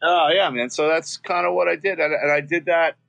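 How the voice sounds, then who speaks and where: A man's voice: on the high side, steady tone, a little fast, vocal fry, a bit bright, muffled recording. A man from Florida telling a childhood story as a guest, rambling and swearing, with many restarts. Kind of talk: casual storytelling.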